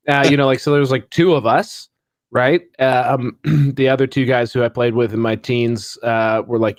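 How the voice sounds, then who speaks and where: Male podcast co-host, casual and rambling, mid pitch, dry close mic. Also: moderate pace, dry recording. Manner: rambling, many fillers and restarts. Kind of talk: casual chat.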